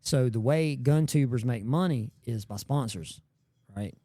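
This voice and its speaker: A man talks loosely as a guest on a podcast, piling on slang and circling back over his own words. His voice is mellow and dark, recorded dry and close. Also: medium pitch, measured pace, dry recording. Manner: rambling, slangy, repeats words. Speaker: guest YouTube creator. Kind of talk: casual podcast chat.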